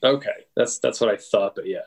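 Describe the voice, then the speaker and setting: Easygoing man with a slightly husky voice. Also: on the low side, a little fast, a little mellow. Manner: easygoing, lots of filler words and short backchannels. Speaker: podcast co-host. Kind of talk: casual chat.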